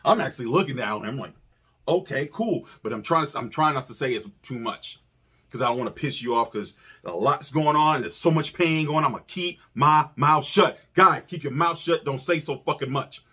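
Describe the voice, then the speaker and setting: A man co-hosting a casual chat, telling a story in an animated, profane way and acting out quotes. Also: medium pitch, moderate pace, husky. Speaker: podcast co-host.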